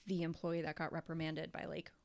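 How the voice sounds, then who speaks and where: Low-pitched woman, reflective podcast talk. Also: monotone, a little fast, vocal fry, darkish tone. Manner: reflective and affirming, many fillers like "like" and "you know". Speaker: podcast co-host. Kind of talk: casual chat.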